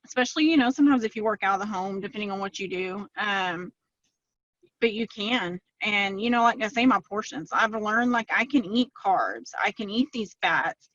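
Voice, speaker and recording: A woman chats casually, telling her story with lots of quoted asides. Her voice sits at a middling pitch. It is recorded dry and a bit dull, like a lo-fi call. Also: animated, normal speed, a bit bright, no echo. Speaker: podcast guest, fitness client. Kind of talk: casual interview chat.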